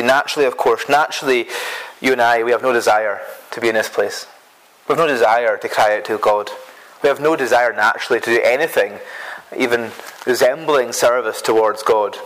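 Male preacher, earnest sermon delivery, repetitive and halting, mid-pitched voice. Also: fairly bright tone, low-quality recording. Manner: earnest, repetitive, stumbles on words.

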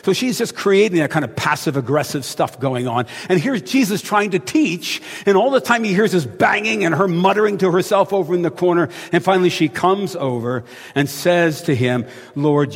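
A man's voice: sits high, expressive, normal speed, slightly rough. A man preaching a sermon in a conversational, storytelling manner. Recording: long hall reverb.

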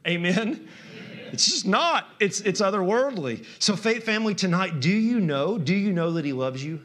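A male pastor with a Southern accent preaching a sermon, swinging from hushed, drawn-out words to loud, impassioned emphasis. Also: high-pitched, animated.

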